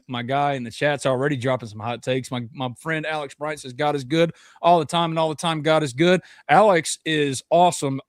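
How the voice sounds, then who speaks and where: A man hosting a sports podcast, chatting in an animated, joking way. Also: medium pitch, no room sound, clean studio sound. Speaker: podcast host. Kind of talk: casual podcast chat.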